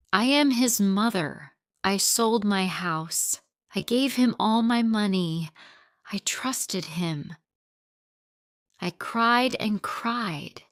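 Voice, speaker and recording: A woman's voice: mid-range voice, fairly bright tone, no echo, clean studio sound. A woman narrating a first-person graded story for English learners in very simple, short sentences.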